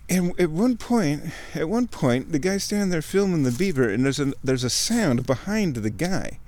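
A man hosting a casual nature chat outdoors by a creek, a chatty storyteller who jumps into high mock voices when quoting people. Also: expressive, moderate pace, darkish tone. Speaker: host.

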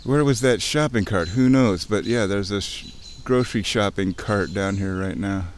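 A man's voice: fairly low pitch, normal speed, a little hiss or hum. Man chatting to himself in a creek. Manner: chatty, talks to himself, excited bursts. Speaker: outdoor vlogger. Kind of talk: casual running commentary. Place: outdoors in a muddy creek. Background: birds chirping.

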